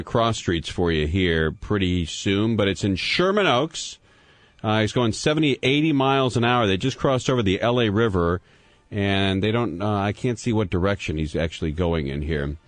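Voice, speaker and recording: A man with a lowish voice that rises and falls a lot, hosting a call-in radio show in a loose, joking way. The sound is dry and close, with no room around it. He banters easily with callers and breaks in with live news. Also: moderate pace, no echo. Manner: loose, joking, lively delivery with laughs. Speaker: radio talk show host. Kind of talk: casual call-in radio chat.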